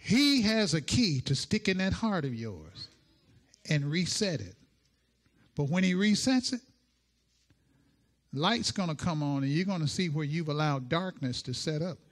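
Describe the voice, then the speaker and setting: Lively preacher, high voice. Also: male voice, a little slow, pauses often. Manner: animated, playful, acts out quotes. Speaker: pastor. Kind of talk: sermon.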